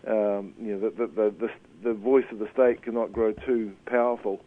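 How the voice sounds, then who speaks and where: A man's voice: on the low side, little pitch movement, moderate pace. New man on a tinny phone line. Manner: hesitant, many fillers and restarts. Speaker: media commentator guest. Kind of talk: casual radio chat.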